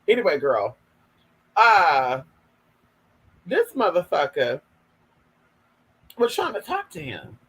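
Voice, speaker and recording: A man's voice: on the high side, huge pitch swings, takes it slowly, pauses often, a bit bright, breathy edge, rough recording. A young man from Northern California telling gossipy stories to his viewers in a casual vlog, sassy and profane, calling them girl and y'all. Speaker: vlogger. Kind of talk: casual storytelling monologue.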